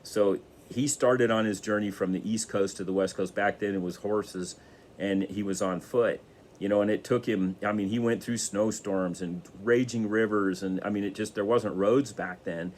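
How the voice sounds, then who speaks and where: Man, low voice, casual motivational talk, rambling storyteller. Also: steady tone, moderate pace, a little mellow, a little hiss or hum. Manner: rambling, many restarts and fillers. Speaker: motivational speaker.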